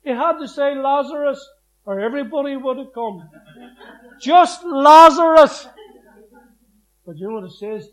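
Male preacher, high voice, emphatic testimony storyteller who acts out the scripture he quotes. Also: expressive, quick pace, few pauses, poor audio. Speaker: preacher giving his testimony. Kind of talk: personal testimony sermon.

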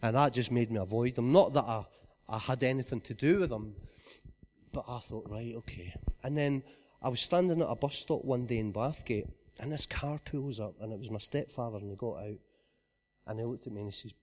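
A man with a Scottish accent giving an earnest personal testimony, often dropping to a quiet voice. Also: mid-range voice, brisk.

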